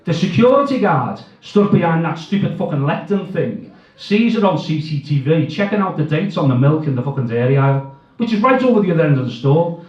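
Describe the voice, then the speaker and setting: A man's voice: fairly high pitch, big pitch swings, brisk, a little mellow. A middle-aged man doing a crude, self-mocking stand-up set full of swearing. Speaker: stand-up comedian. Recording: echoey, distant, dull live sound.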